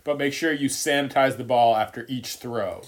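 A man's voice: medium pitch, steady tone, normal speed. A young man co-hosting a casual chat, rambling with self-deprecating humor.

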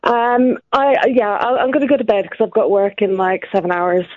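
A woman's voice: medium pitch, moderate pace, no echo. A young woman calling a radio phone-in, friendly and chatty. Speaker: caller. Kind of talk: phone-in call. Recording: tinny phone line.

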